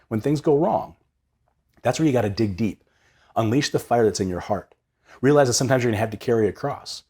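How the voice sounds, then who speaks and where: Husky, lively young man hosting a reflection. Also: mid-range voice, brisk. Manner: energetic, conversational, repeats words when excited. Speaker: host of a Sunday readings reflection. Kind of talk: casual reflection on scripture.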